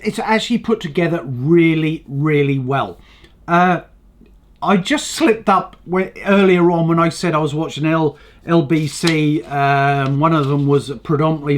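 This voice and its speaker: A blunt, profane man hosting his own channel, ranting in a casual, unscripted way. His delivery swings between sudden loud outbursts and low, grumbling mutters, with lots of restarts and swearing. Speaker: channel host.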